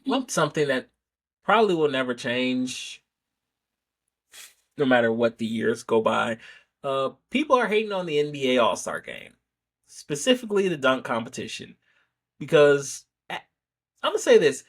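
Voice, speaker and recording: A man hosts a casual sports podcast and talks through his opinions in a loose, off-the-cuff way. He often restarts his sentences and keeps checking in with a rhetorical "right?". His voice sits at an ordinary middle pitch. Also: sing-song, moderate pace, pauses often. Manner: rambling, self-correcting, rhetorical "right?" asides. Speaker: podcast host.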